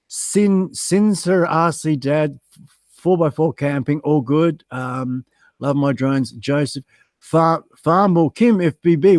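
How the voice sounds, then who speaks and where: This fairly high, slightly mellow voice belongs to an Australian guest host on a casual livestream, recorded without room sound. He reads viewers' comments out loud, um-ing and uh-ing often, and jokes at his own expense about being stood up.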